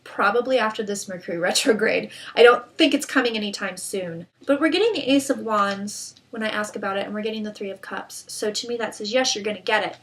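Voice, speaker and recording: Bright-voiced woman doing blunt tarot readings. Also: medium pitch, a little fast, hardly any pauses. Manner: blunt, irreverent and chatty, with frequent fillers. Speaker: psychic tarot reader. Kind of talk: casual tarot reading monologue.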